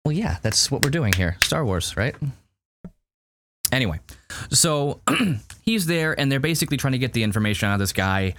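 A man's voice: medium pitch, sing-song, moderate pace, fairly bright tone, no echo. A man co-hosting a podcast, reviewing a show in casual chat, rambling with lots of fillers and restarts. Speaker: podcast co-host.

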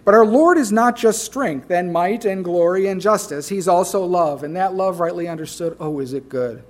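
A man preaches a sermon in a high voice. He swings between loud, emphatic declarations and hushed, quiet asides. His pitch stays up for a man, and he leans hard on key phrases. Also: moderate pace. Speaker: pastor.

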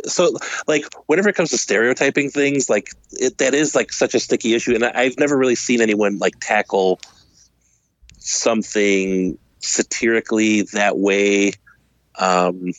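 A man's voice: mid-range voice, no room sound. A man in casual podcast chat, making a thoughtful argument and building his case step by step. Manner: thoughtful, argumentative, speeds up and laughs between points.

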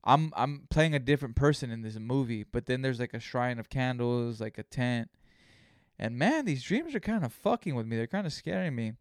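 A man's voice: medium pitch, animated, moderate pace, no room sound, studio quality. A man hosting a solo podcast, telling rambling stories with plenty of swearing. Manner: rambling storytelling, heavy swearing. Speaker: podcast host. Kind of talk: casual solo podcast monologue.

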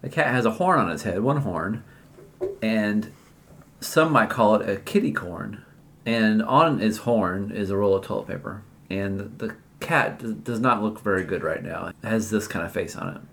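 A woman's voice: rumbling low, animated, normal speed, slight background noise. A woman narrating as game master of a playful family tabletop game. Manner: playful, storyteller pacing.

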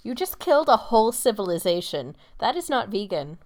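A woman co-hosts a laid-back travel podcast and speaks in an ordinary mid-range voice. She delivers odd, absurd jokes in a dry, deadpan tone during casual chat. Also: medium pitch, fairly quick. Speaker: podcast co-host.

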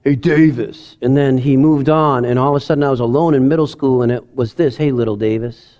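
A middle-aged male pastor giving a conversational, emotional sermon in a church sanctuary, swinging from quiet asides to loud emphasis. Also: medium pitch, fairly even intonation, quick pace, lo-fi sound.

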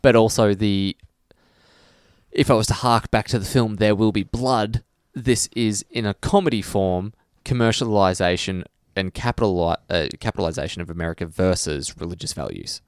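A man's voice: lowish voice, normal speed, clean tone, no echo, studio quality. A man co-hosting a podcast in casual chat, ranting heatedly with profanity and restarts. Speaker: podcast co-host.

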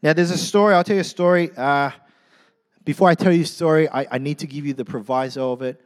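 Animated preacher in a reverberant hall. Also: male voice, a little high, quick pace. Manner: animated storyteller, acts out crowd voices. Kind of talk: sermon.

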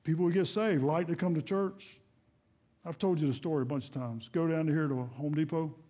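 A man's voice: a little high, darkish tone. An older man preaching a sermon as pastor, in a folksy, conversational way, often rising and dropping his voice. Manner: folksy, conversational preaching with shifting volume and pace. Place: church.

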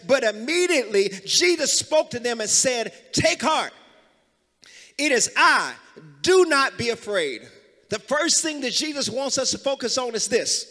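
A man pastor preaching a sermon, calling the congregation to repeat after him and building to loud, emphatic passages. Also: very high voice, in a large hall. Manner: call-and-response preaching, rising to loud emphasis. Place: church sanctuary.

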